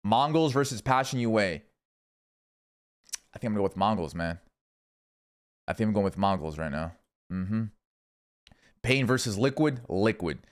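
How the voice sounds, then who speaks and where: A young man streaming, casually rambling through esports predictions with lots of swearing and thinking out loud. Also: lowish voice, expressive, moderate pace, long pauses. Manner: rambling, profane, thinking aloud.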